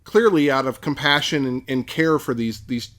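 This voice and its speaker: A man co-hosting a podcast, explaining background in a measured way during a casual Bible discussion. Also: medium pitch, a bit bright. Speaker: podcast co-host.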